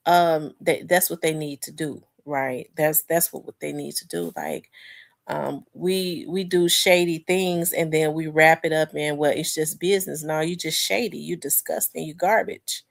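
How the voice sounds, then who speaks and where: A congested woman in her forties hosts a casual livestream and talks straight to her viewers. Her voice sits a little low, and she rambles through fillers and restarts, calling the audience y'all. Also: steady tone, measured pace, creaky. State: congested, clearing throat. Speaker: livestream host. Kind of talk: casual livestream commentary, reading chat.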